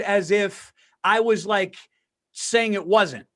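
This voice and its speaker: A man with a New York accent co-hosting a casual podcast. He tells animated anecdotes and laughs often. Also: sits high, brisk. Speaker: podcast co-host. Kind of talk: casual chat.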